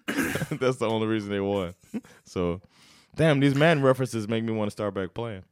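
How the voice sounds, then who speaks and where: A man's voice: lowish voice, moderate pace, clear, resonant tone, no echo, clean studio sound. A man co-hosting a casual sports podcast, laid-back, swearing and laughing a lot. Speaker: podcast co-host.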